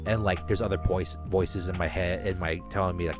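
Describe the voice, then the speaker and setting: Deep-voiced man telling a wild story. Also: brisk, few pauses, over music. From Alaska. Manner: rambling, animated retelling with swearing and restarts. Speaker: podcast host. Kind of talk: casual storytelling.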